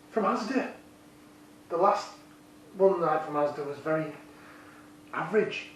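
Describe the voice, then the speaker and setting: A man casually reviewing a beer, enthusiastic and rambling, deliberately keeping his voice down, recorded on a camera's built-in microphone. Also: fairly high pitch, lively intonation. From United Kingdom. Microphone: built-in camera mic. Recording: very echoey room, distant mic, faint noise.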